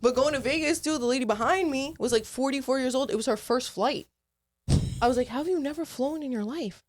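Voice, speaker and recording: A woman's voice: high voice, a little fast. A woman co-hosting a podcast, telling travel stories in casual chat, swearing often and acting out the people she quotes. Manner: self-described yapper. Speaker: podcast co-host.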